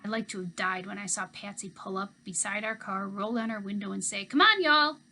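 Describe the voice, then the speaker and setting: Bright-voiced woman reading a story aloud. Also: medium pitch, fairly quick, a little hiss or hum. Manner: expressive first-person storytelling. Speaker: teacher. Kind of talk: reading a children's novel aloud.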